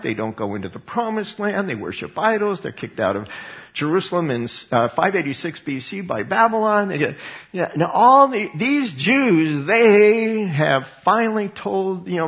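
A man preaching a sermon in an emphatic way, asking questions and answering them himself. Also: fairly high pitch. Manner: emphatic, asks and answers his own questions. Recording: dull lo-fi recording.

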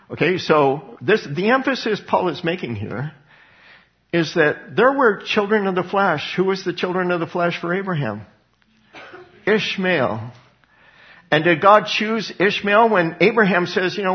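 A man preaching with emphasis, his voice sitting a little high for a man. He asks questions and then answers them himself. The recording sounds dull and lo-fi. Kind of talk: sermon.

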